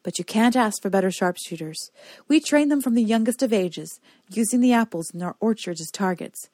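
A woman's voice: mid-range voice, lively intonation, moderate pace, dark tone, no room sound, close to an everyday voice. Lady doing a posh pampered lady, breezy and sure of herself, dry close mic. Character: pampered, self-assured noblewoman leading courtesans.

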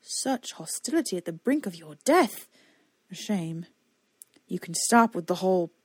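A woman voicing a captive male enemy knight who talks smooth, cool and coaxing. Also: lowish voice, expressive, a little slow, no echo. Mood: mocking.

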